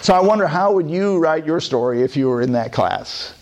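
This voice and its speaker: A man telling parable-like stories in a relaxed, conversational way, then reflecting on them. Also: a little high, fairly quick. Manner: relaxed, conversational storytelling with asides. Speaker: speaker. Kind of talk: storytelling talk.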